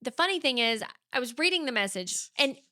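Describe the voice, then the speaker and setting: This is a woman guest recounting her stories in an interview with an animated, expressive delivery. Her voice is bright and forceful. She is recorded close to the mic in a dry room. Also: high-pitched, a little fast, dry recording. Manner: animated storyteller acting out quoted voices. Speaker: guest author. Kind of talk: conversational storytelling interview.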